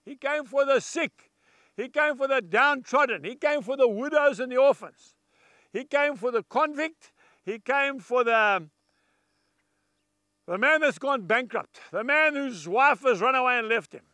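High, forceful male preacher. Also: animated, unhurried, clear, resonant tone, no echo. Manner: emphatic, folksy, repeats key phrases; addresses viewers directly with asides. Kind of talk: televised sermon.

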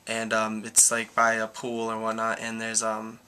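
A man's voice: on the low side, monotone, moderate pace, sharp tone, clear, resonant tone. A young man around nineteen tells a personal story in a casual vlog, rambling, with many "like"s and restarts. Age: about 19. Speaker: YouTuber.

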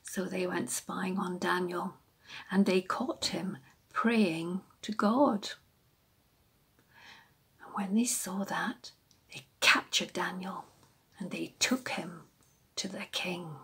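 Brief: slow, breathy woman storyteller for children, hushed and dramatic. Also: fairly low pitch. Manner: hushed, dramatic, often whispered narration.

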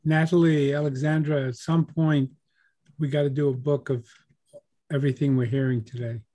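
A man's voice: mid-range voice, flat delivery, normal speed, warm tone. A man from Louisiana with a Louisiana accent, co-hosting a writing event in enthusiastic, playful casual chat over a video call. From Louisiana, United States.

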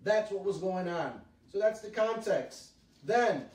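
A man preaches a Bible teaching in an earnest, emphatic way, drawing out the words he wants to stress. His voice sits fairly high. The room is echoey, and he sounds some distance from the mic. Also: lively intonation, slow, darkish tone. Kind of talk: sermon-style Bible teaching.

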